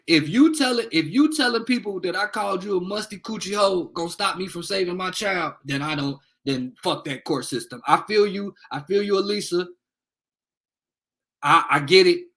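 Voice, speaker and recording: A man's voice: high-pitched, sharp tone. A young man on a heated livestream rant, angry and profane, taunting commenters. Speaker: livestream host.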